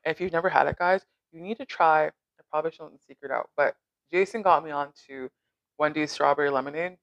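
A brash, teasing podcast host from Canada who swears freely in loose, casual chat. The voice sits at an ordinary middle pitch and sounds dry and close, with no room around it. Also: fairly quick, fairly bright tone, no echo, dull audio.

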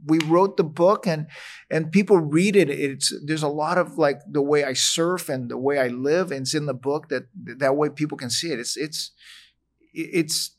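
A middle-aged man with a slightly raised speaking pitch talks as a podcast guest. He tells his stories earnestly and candidly, slipping into quoted voices and laughing asides. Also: moderate pace. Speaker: podcast guest, restaurant founder. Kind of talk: candid conversation.

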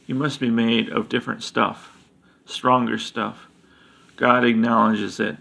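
A man voicing a wise, compassionate village mother with a prophetic way of speaking, in a solemn, measured reading. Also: medium pitch, level tone, gravelly, sharp tone, exaggerated voice. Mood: consoling.

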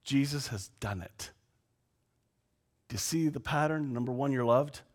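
Recorded on a lapel mic, a male pastor preaches a sermon at a measured pace. He swings between loud, exasperated outbursts and quiet, low asides.

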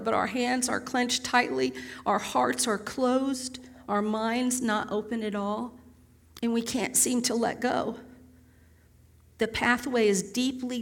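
A middle-aged woman preaching a sermon in a conversational, humorous way, full of rhetorical questions. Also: on the high side.

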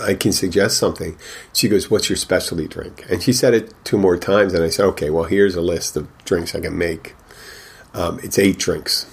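A man with a very low, husky voice tells a long anecdote from behind the bar. He rambles and restarts, acting out the back-and-forth with customers in a casual, conversational way. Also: darkish tone. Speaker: bartender. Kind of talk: casual storytelling.

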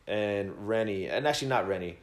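A man casually telling a rambling, profane road-trip story, quoting friends with animated voices. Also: fairly low pitch, fairly quick, reverberant. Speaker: podcast host telling a story.

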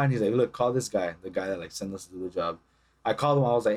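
He is a young man co-hosting a casual podcast, talking fast with a loose, profane energy. He acts out the people in his stories and keeps the conversation moving. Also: on the low side. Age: young adult. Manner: profane, animated storytelling with acted-out quotes. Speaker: podcast co-host. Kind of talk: casual chat.

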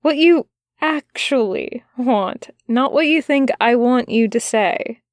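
A woman voicing a fussy, gentle male angel who speaks tenderly and stammers when flustered. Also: a little high, slow pace, no echo.

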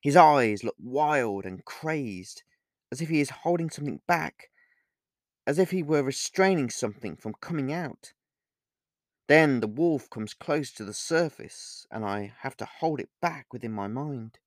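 A man's voice: medium pitch, a little slow, no echo, studio quality. A man narrating his own novel in the first person as an audiobook. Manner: first-person storytelling with lively inflection.

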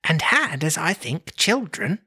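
Narrator doing a gentle christmas ghost, slow soft storybook voice. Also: mid-range voice, very animated, slightly rough, full character voice.

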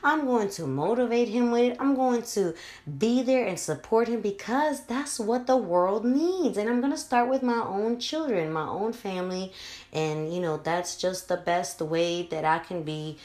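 A woman's voice: medium pitch, measured pace, darkish tone. A woman in her thirties hosting a podcast, talking casually and from the heart, with many filler words. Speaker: podcast host. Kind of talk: casual motivational podcast talk. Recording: roomy echo.

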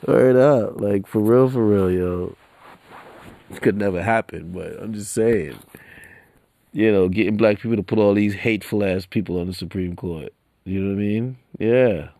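Male solo podcaster, dark gravelly voice, slangy and profane. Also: on the low side, moderate pace. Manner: slangy, profane, laughs between lines. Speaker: podcast host. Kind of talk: casual solo podcast talk.

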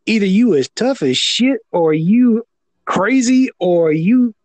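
A man with a Southern American accent talks wrestling in loose, animated podcast banter. His voice sits high and the recording is dry and close, with no room sound. He often stumbles and restarts his sentences. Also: takes it slowly, no room sound. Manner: animated, stammering restarts, loud impressions. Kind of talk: casual wrestling chat.

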